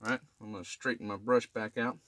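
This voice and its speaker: A middle-aged man with a slightly low voice walks through a hands-on repair job in an attic. He talks plainly and casually, filming himself as he works and pausing to ask "okay?" so viewers keep up. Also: steady tone, bright, forceful tone, slight background noise. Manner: plain-spoken, repeats "okay?" to check in with viewers. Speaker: HVAC technician demonstrating maintenance. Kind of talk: casual how-to demonstration. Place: residential attic. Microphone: camera filming himself while working.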